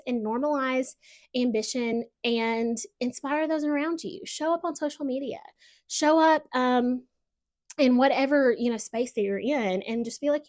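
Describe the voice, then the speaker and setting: Chatty motivational woman, higher voice. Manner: chatty, heavy use of "like", lively asides. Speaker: podcast host. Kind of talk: casual motivational podcast monologue.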